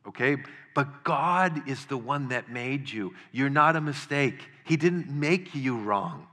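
A man's voice: medium pitch, expressive, slow, bright, forceful tone, in a large hall. A man preaching a sermon in an earnest way, repeating words for emphasis.

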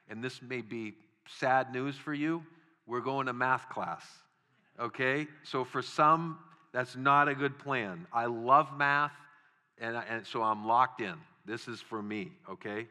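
Bright-voiced male pastor preaching. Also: medium pitch, a little slow. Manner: conversational preaching, acts out little quoted exchanges. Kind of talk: sermon.

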